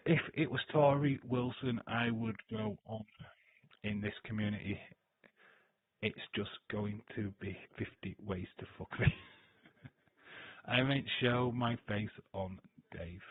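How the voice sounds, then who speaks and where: A lowish, husky male voice talks casually and loosely on a live stream, swearing freely and answering viewer comments. The sound is thin and phone-like, with a dry, close feel and no room around it. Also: lively intonation, takes it slowly, no room sound. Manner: loose, swearing, laughing, chatty. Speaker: live-stream host reacting to wrestling.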